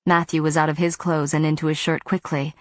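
Low-voiced woman reading a novel. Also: flat delivery, a little fast, no echo, clean studio sound. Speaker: audiobook narrator. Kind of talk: first-person novel narration.

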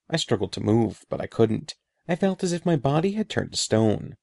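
Gravelly man reading a storybook aloud. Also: dry recording, clean studio sound. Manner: dramatic storybook reading with lively pitch. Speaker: audiobook narrator. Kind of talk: scripted narration.

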